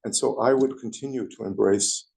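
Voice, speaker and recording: A New York-accented man in a group meeting searches for his words, hesitating and correcting himself as he goes. His medium-pitched voice has vocal fry and a darkish, slightly rough tone, and the conversation takes place in a meeting room.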